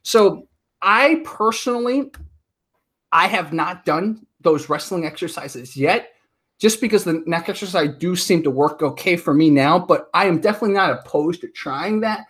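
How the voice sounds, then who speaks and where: A man in his thirties talking casually as a podcast guest, telling stories and acting out quotes in an animated way. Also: high-pitched, normal speed, breathy edge. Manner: chatty, animated storyteller, acts out quotes.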